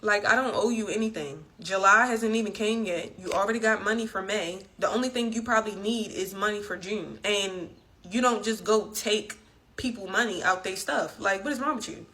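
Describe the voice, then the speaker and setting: A woman in her twenties telling a personal story in an indignant, animated way. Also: medium pitch, moderate pace, low-quality recording. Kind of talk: storytime vlog. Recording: loud traffic noise outdoors.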